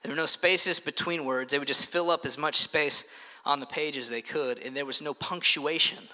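A man preaching a sermon in a conversational, animated way, with frequent fillers and restarts. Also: on the high side, moderate pace. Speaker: pastor. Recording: long reverb of a large hall.

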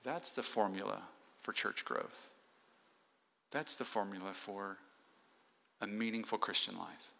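A man's voice: lowish voice, a little slow, vocal fry, pauses often, sharp tone. A male pastor preaching an earnest sermon in a church, exhorting the congregation point by point. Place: church sanctuary. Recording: long hall reverb.

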